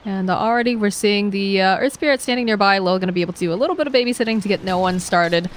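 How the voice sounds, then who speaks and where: A woman casting a live esports match, chatty and quick to laugh, acting out what the players might be thinking. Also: mid-range voice, slight background noise. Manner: chatty, laughs easily, acts out players' thoughts. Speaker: esports caster. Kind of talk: live play-by-play commentary.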